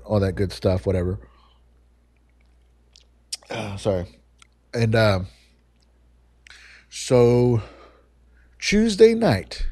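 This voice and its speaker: A young man hosting a podcast, telling a story in a casual, profane, animated way and acting out the people he quotes. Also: lowish voice, dry recording, studio quality. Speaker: podcast host.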